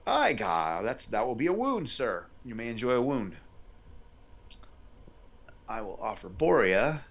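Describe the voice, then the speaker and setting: A man's voice: mid-range voice, big pitch swings, a little slow, fairly bright tone. A man running a tabletop game as game master, thinking aloud over rolls and rules in a lo-fi live-stream recording. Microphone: headset or desk mic on a live stream.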